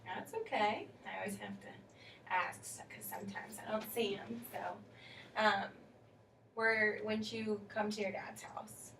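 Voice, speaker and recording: A woman plays a counselor, asking careful, patient questions with the odd filler. Her voice has a touch of vocal fry. It is picked up from a distance in a reverberant room with faint noise. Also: mid-range voice, a little slow, fairly bright tone. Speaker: counselor in role-play. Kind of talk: counseling role-play.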